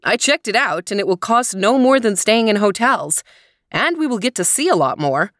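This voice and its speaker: A woman's voice: medium pitch, lively intonation, moderate pace, a bit bright, no room sound, clean studio sound, voice pushed up, close to an everyday voice. A woman reading as an eager dad with big plans. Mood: enthusiastic. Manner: upbeat, persuasive. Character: cheerful scheming dad full of big ideas.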